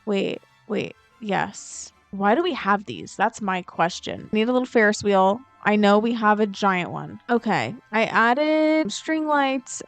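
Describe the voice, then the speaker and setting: A woman's voice: medium pitch, vocal fry, smooth, no room sound. A woman vlogger giving casual gameplay commentary, chatty and thinking aloud with frequent filler words. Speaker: game building vlogger.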